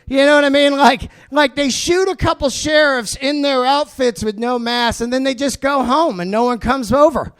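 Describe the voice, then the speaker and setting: A man doing a loud, profane stand-up set, ranting. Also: very high-pitched, moderate pace, hardly any pauses. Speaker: stand-up comedian.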